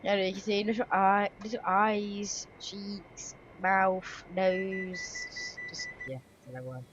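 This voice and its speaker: A woman's voice: mid-range voice, fairly even intonation, slow, highs cut off. A woman giving chatty, self-correcting commentary while she plays a game. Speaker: channel host. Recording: train engine noise underneath.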